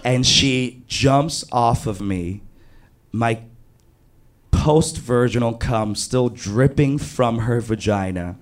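A man doing stand-up storytelling, animated, jumping to high panicked yelps when he quotes himself. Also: slow. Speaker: stand-up comedian.

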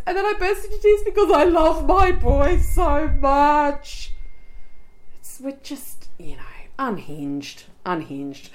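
Here the podcast co-host chats and spins stories, often breaking into laughter. Her voice is medium-pitched, and the poor audio carries a little hiss or hum.

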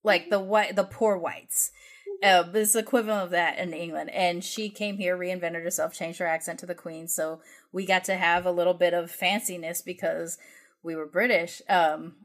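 A woman's voice: lowish voice, steady tone, moderate pace. A woman from the United States co-hosting a podcast, telling a family story in casual chat with lots of restarts and fillers. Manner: rambling, full of restarts and fillers. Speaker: podcast co-host.

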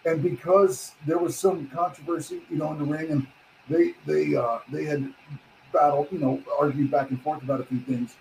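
A man's voice: on the high side, moderate pace, gravelly, echoey room, a little hiss or hum, poor audio. A man, a guest on a chat show, telling stories casually and acting out what others said. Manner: animated storyteller, acts out quotes, swears casually. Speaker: guest, pro wrestler.

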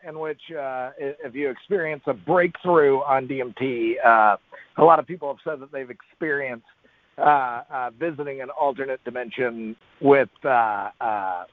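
A man's voice: mid-range voice, unhurried, no room sound, phone-quality sound. A man on a comedy radio show, speaking earnestly and hesitantly and stumbling over his words.

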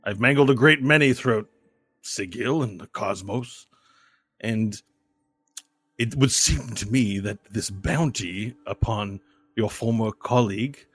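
A man's voice: on the low side, fairly bright tone, husky. A man voicing a polite, formal male bounty hunter in armor. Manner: formal, courteous.

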